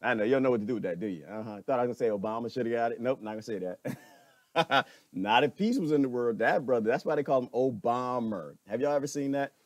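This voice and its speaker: A man giving an animated opinion monologue, preachy and wry, slipping into mocking voices now and then. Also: medium pitch, fast talker, no room sound. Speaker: commentator.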